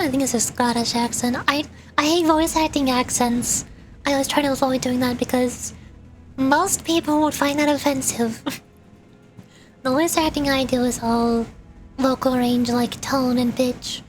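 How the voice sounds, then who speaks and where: Chatty high-voiced young woman streamer. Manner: chatty, rambling, laughs often. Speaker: VTuber streamer. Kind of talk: casual stream chat and game voice acting.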